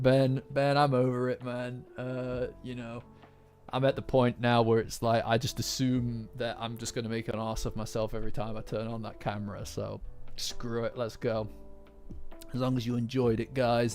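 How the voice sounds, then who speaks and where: A man's voice: mid-range voice, flat delivery, measured pace, a little mellow, soft background music. A man streaming a casual chat, rambling and joking at his own expense. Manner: rambling, self-mocking, joking.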